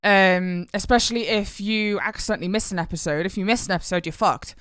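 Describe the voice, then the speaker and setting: Clear-voiced blunt woman chatting. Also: medium pitch, brisk, a bit bright, dry recording, clean studio sound. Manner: blunt, sweary, laughing easily. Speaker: podcast co-host. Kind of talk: casual chat.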